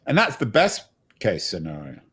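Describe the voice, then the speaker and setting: A man's voice: on the low side, huge pitch swings, normal speed, fairly bright tone, breathy edge. A man hosting an interview podcast, wry and joking, often restarting his sentences. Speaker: podcast host. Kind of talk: conversational interview.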